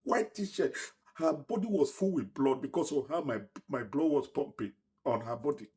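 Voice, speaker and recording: A middle-aged man telling his own story in an earnest, emotional way, often dropping to a hushed voice. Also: mid-range voice, lively intonation, moderate pace. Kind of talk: personal story told to camera.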